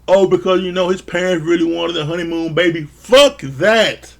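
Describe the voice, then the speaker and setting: A man's voice: high voice, steady tone, fairly quick, vocal fry. A man recapping a reality show in a casual, blunt and profane way, sounding exasperated. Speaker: show reviewer.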